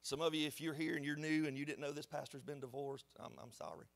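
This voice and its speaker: A man, a pastor preaching a sermon in a church in an animated, conversational storytelling way. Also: fairly high pitch, fast, gravelly. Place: church sanctuary.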